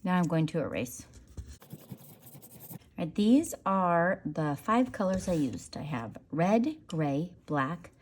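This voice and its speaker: A woman's voice: fairly low pitch, sing-song, takes it slowly, a little mellow, a little hiss or hum. A woman leading a casual drawing tutorial, chatty and playful, making silly sound effects as she draws. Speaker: art teacher.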